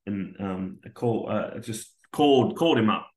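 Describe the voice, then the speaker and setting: This podcast guest, a man who served in the army, shares an unfiltered story about his own life, cursing freely and playing out conversations in character. He speaks at a moderate pace with a fairly low pitch, in a space with noticeable echo.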